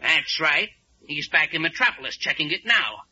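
A man's voice: a little high, animated, normal speed, bright, forceful tone, slightly rough, heavily acted. An actor playing a brash, overconfident young newspaper reporter who blusters his way forward, in 1940s radio acting. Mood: brazen. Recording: muffled old radio recording.

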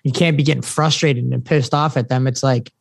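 A man talking as a podcast guest in a halting, rambling way, full of fillers and restarts. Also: medium pitch, fairly even intonation, gravelly, no echo, clean studio sound. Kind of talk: casual chat.

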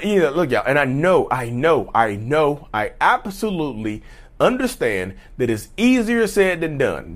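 A man talking casually and repetitively to viewers in an advice vlog, addressing them as y'all. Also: a little high. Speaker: channel host.

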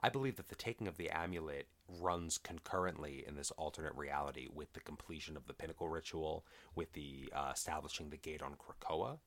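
Deep-voiced man analyzing comics. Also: fairly bright tone. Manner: measured, analytical, with ums and uhs. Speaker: podcast co-host. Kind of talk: casual comic book discussion.

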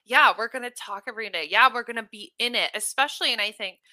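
A woman hosting a podcast in casual chat, bubbly and quick to laugh, swearing now and then. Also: fairly high pitch, sharp tone, dry recording. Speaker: podcast host and business coach.

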